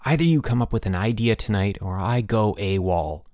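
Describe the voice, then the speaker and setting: A man's voice: lowish voice, expressive, normal speed, darkish tone, no room sound, studio quality, lightly acted. A man doing a blunt, exasperated schoolboy. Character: blunt, irritable teenage schoolboy.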